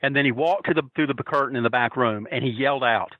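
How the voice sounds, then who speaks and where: A man's voice: medium pitch, quick pace, few pauses, no echo. A man telling stories in a casual podcast chat, acting out the quoted lines of the people in them. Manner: animated, acts out quoted voices. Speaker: podcast guest. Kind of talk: casual storytelling. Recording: tinny phone-line audio.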